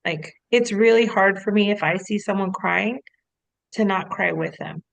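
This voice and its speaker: Gravelly-voiced woman, chatty podcast co-host. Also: medium pitch, moderate pace, dry recording, rough recording. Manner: animated storyteller, frequent "like" fillers, laughs easily. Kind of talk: casual conversational podcast.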